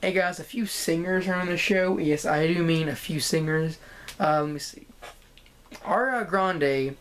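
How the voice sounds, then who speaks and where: A woman vlogging a casual, excited TV show review, rambling and repeating herself. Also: low voice, normal speed, slight background noise. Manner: enthusiastic, rambling, repeats "guys" and "freaking".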